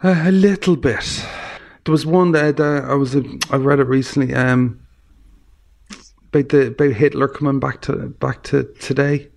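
A man's voice: medium pitch, steady tone, normal speed, creaky, a little mellow. An Irish man chatting as a podcast guest, rambling and hesitant with plenty of fillers and restarts. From Ireland. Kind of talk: casual chat. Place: recording studio.

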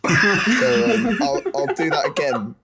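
A man's voice: high-pitched, sing-song, slow, vocal fry, over a noisy crowd. A man co-hosting a casual pub podcast, joking and swearing freely. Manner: sweary, jokey. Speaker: podcast co-host. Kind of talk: casual banter.

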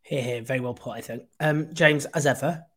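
A man's voice: mid-range voice, fairly bright tone. Sarcastic man hosting a livestream. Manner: impassioned, sarcastic, fast asides. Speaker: host. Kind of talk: political commentary livestream.

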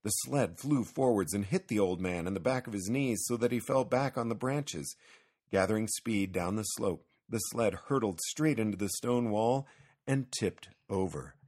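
A man reading a children's Christmas story aloud with lively, expressive storytelling. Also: lowish voice, moderate pace. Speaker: narrator.

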